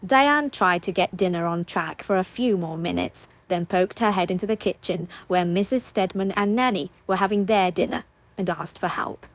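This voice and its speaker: A woman reading a novel aloud as an audiobook narrator, steady and expressive. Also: fairly low pitch, normal speed.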